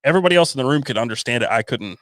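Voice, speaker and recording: A man's voice: medium pitch, very fast, no echo, clean studio sound. A man co-hosting a podcast, chatting casually and tending to mumble. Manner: mumbling, relaxed. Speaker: podcast co-host. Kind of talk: casual chat.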